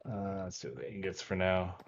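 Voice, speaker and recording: A man's voice: sits low, normal speed, vocal fry, lo-fi sound, a little hiss or hum. A man casually talking through his video game session as the host, explaining each step aloud as he goes. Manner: relaxed, talks himself through tasks aloud. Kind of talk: casual let's-play commentary.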